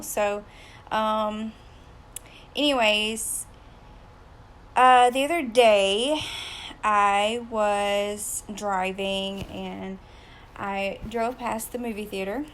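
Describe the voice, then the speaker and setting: A woman in her thirties talking straight to her viewers in a personal vlog, hesitant and full of pauses, close to tears. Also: medium pitch, a little hiss or hum. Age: 30s. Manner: hesitant, many ums, fighting back tears. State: emotional, close to crying. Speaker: vlogger.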